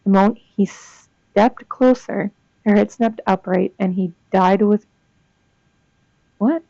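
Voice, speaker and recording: A woman's voice: mid-range voice, steady tone, measured pace, gravelly, warm tone, no room sound. A young woman reading ghost stories aloud and chatting between them, reacting with gasps and comments. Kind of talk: casual reading with asides. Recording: dull lo-fi dry sound.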